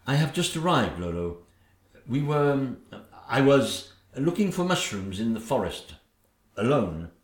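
A man's voice: sing-song, unhurried. A man voicing a spiteful, nagging stepmother queen in a comic parody. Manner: shrill, nagging, theatrical. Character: shrill scheming stepmother queen, woman, spiteful. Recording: echoey room.

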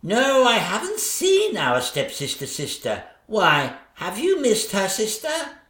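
On an echoey stage, a man in pantomime plays a boastful, catty ugly stepsister, drawling jibes slowly and camply. Heavily acted and a bit bright, the voice makes huge pitch swings, lurching from shrieks down to low mutters in a camp, shrieking, teasing sing-song.

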